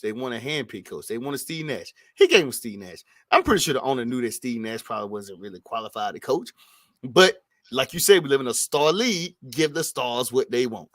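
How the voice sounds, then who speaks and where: A man appearing as a guest on a sports podcast, laying out his view in a measured, explanatory way. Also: medium pitch, a bit bright, no echo, clean studio sound. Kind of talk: sports debate chat.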